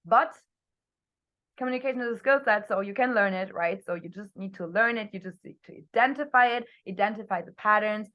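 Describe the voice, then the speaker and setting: A young woman coaching her team on a video call, talking energetically and expressively, her voice swinging between loud and soft. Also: mid-range voice, brisk, highs cut off. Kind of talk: motivational talk on a group video call.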